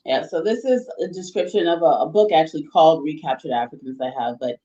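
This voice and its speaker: A woman's voice: deep voice, fast, dark tone. Woman explaining history in a roomy room. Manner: thoughtful, explains at length with restarts. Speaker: guest presenter on history. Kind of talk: explanatory conversation. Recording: roomy, slightly dull sound.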